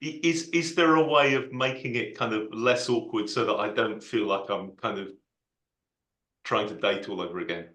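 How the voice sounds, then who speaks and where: A man's voice: on the low side, normal speed, a bit bright, reverberant. A man asking a question on an online Q&A, hesitant and self-deprecating with many restarts. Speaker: Q&A participant. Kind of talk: casual online Q&A. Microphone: video call.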